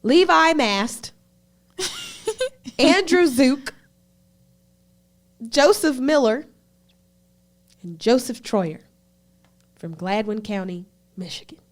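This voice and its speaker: A woman co-hosts a podcast in loose, joking conversation full of slang. Her voice sits a little high and swings widely in pitch. She talks in an animated way. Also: slow, long pauses. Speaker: podcast co-host. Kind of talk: casual chat.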